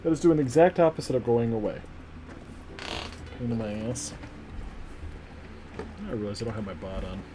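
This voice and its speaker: Playful, animated male streamer. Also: mid-range voice, rapid-fire, few pauses, over loud music. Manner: playful, jokes and mimics accents. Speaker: streamer playing a video game. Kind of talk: casual let's-play chat.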